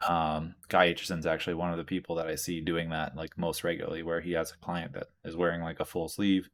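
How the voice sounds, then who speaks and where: A laid-back man chatting on a tattoo podcast. His voice sits very low and stays fairly flat. He rambles loosely, leaning on filler words and dropping the occasional curse. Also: quick pace. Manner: reads out listener questions. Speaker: tattoo artist and podcast host. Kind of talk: casual chat.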